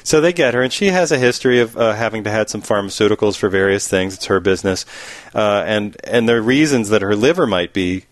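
Low-voiced animated man, dry studio sound. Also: fairly quick, dry recording. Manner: animated, rambling, emphatic storytelling. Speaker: radio talk show host. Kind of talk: casual talk radio chat.

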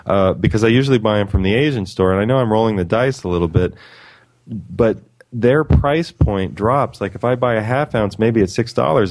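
A man's voice: fairly low pitch, darkish tone. A man telling stories in a rambling, enthusiastic way on a casual talk show. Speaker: talk show guest and lecturer. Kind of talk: casual chat.

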